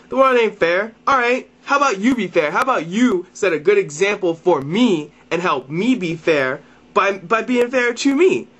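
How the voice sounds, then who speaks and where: A man's voice: fairly high pitch, a bit bright. A young man ranting to camera in a vlog, exasperated and profane, often repeating and restarting his phrases. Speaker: vlogger.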